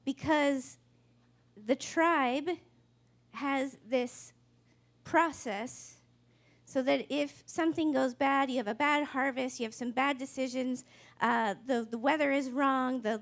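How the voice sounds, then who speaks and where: A woman with a high voice delivers a sermon. She tells the story casually and wryly, like she is chatting with the congregation. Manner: conversational, wry storytelling preacher. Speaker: pastor.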